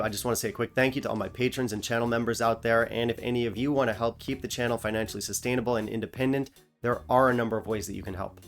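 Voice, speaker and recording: A man talking through a whisky tasting review in a chatty, opinionated way, with joking asides. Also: mid-range voice. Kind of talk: casual review vlog.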